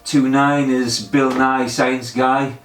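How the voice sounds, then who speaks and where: A man's voice: mid-range voice, little pitch movement, slow pace. A man talking to himself during a workout, chuckling and self-mocking, out of breath, recorded in an echoey room with faint music. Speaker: vlogger doing a memory and pull-up challenge. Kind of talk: casual self-talk while exercising.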